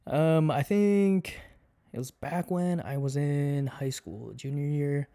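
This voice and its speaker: A man's voice: a little high, slow pace, gravelly, clear, resonant tone. A laid-back young man, a college student, chatting casually as a podcast guest. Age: young adult. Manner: laid-back, relaxed storytelling. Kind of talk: casual chat.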